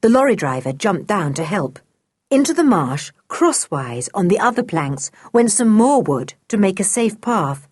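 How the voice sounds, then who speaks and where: Breathy, expressive woman audiobook narrator. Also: medium pitch, a little slow, no echo, studio quality. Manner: expressive reading. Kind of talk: storybook narration.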